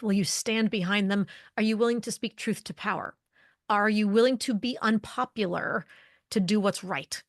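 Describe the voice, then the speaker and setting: Woman, expert guest, mid-range voice, clear explanatory delivery, dry booth sound. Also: medium pitch, dry recording. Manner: articulate, explanatory, lists points in quick series. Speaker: guest, leadership communication expert. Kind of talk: podcast interview.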